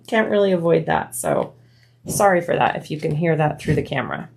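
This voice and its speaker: A woman's voice: low voice, wildly swooping pitch, normal speed, creaky, darkish tone, a little hiss or hum. A woman hosting a bag-making tutorial, chatting casually as she explains each step while she works.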